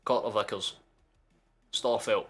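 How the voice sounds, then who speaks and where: Bright-voiced football fan streamer. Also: male voice, on the low side, takes it slowly, breathy edge. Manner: excitable, sweary, erupts into shouting. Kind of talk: live match watchalong commentary.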